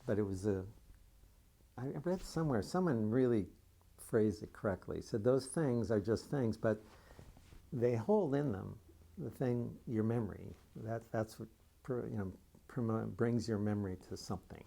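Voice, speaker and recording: A man's voice: fairly low pitch, lively intonation, normal speed, creaky, mellow. A man who survived a wildfire, thoughtfully searching for words about the things he lost. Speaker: fire survivor interviewee. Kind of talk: reflective personal account.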